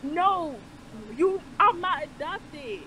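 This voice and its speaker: A woman's voice: extremely high pitch, expressive, drawn-out words, poor audio. A woman on a video chat app, talking back bluntly and brashly with profane comebacks, heard over a video call. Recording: video call with loud crowd behind.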